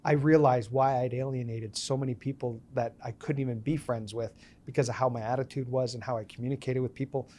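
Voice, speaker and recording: A man's voice: mid-range voice, brisk. A man in his thirties, a business owner being interviewed, telling stories casually and acting out the dialogue. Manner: animated storyteller, acts out quoted dialogue. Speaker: podcast guest, business owner.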